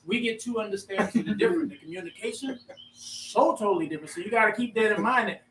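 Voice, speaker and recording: A man with a high voice talks quickly in a group chat, telling stories and voicing the people he quotes. He is away from the mic in an echoey room with a faint hum of ambience behind him. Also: animated, a bit bright, recorded from a distance. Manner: quick, storytelling, acts out quoted lines. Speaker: discussion participant. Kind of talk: group discussion.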